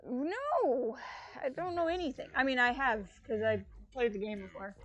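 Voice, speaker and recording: A woman's voice: high voice, expressive, normal speed. A young woman streaming a game, chatting casually, giggling and reading the on-screen text aloud.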